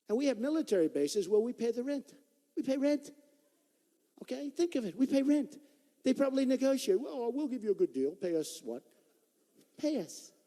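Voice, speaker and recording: A man's voice: high voice, mellow. A man in his sixties giving a campaign rally speech in a large performing arts hall. He talks in a repetitive, boastful, conversational way. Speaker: political candidate at a rally. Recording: long hall reverb.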